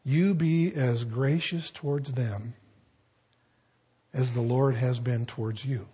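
A middle-aged pastor preaching a sermon, husky, emphatic, slowing down and rising on key words. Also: male voice, mid-range voice, steady tone, warm tone.

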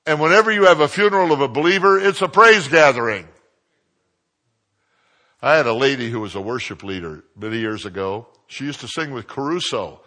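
An older man, a pastor, preaching a sermon through lively stories, with a naturally loud voice that drops to a hush and swells to a boom. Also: a little fast. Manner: lively anecdotal preaching, swinging from hushed to booming. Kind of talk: sermon storytelling.

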